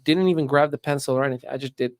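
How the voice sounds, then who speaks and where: A man from Morocco tells stories in a lively podcast chat, at a middle pitch. He keeps things animated and often acts out other people's voices. The sound is close and dry. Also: racing, no echo. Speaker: guest. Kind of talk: casual storytelling.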